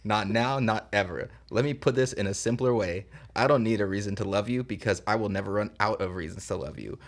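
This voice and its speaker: A man's voice: lowish voice, fairly quick, lightly acted. A man reading the part of a charming young man who proposes to his girlfriend, in a script table read. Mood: tender. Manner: earnest, tender romantic delivery.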